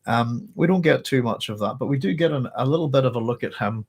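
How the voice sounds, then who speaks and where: A Northern Irish man chats casually on a home live stream, a little out of breath. His middle-pitched voice has a husky, rough edge. He rambles warmly, keeps interrupting himself, and apologizes often. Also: fast. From Northern Ireland. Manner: apologetic, chatty, self-interrupting. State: slightly out of breath. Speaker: book club host.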